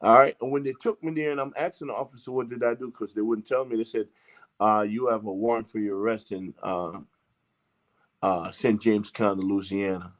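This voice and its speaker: A man's voice: on the low side, fairly even intonation, brisk. A man from Jamaica, a guest telling a long story in casual, profane talk and acting out the lines of the people in it. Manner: profane, emphatic, acts out quoted exchanges. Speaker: interview guest.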